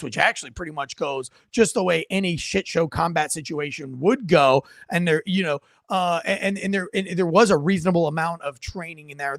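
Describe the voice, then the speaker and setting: A ranting, profane man hosting a political podcast, his voice gravelly with fry and pitched a little high for a man. The sound is dry and close, with no room around it. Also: no echo. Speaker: podcast host. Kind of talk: casual political podcast chat.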